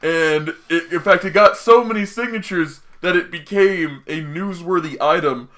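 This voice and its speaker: A young man hosting a casual podcast, excitable and profane, drifting into rambling tangents. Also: a little high, normal speed. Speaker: podcast host.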